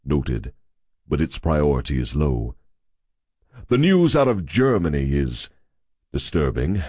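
A man narrating an audiobook, voicing a powerful older male boss who speaks in a clipped, assured, unhurried way. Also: rumbling low, wildly swooping pitch, a little mellow, breathy edge, dry recording, clean studio sound, voice pushed down, full character voice. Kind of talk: audiobook dialogue.

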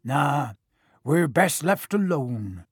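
A man voicing a huge, gruff but kindly giant, talking in a hearty, folksy way for an audiobook. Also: big pitch swings, very slow, no echo, clean studio sound, exaggerated voice. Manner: hearty, booming, folksy dialect. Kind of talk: audiobook character voice.

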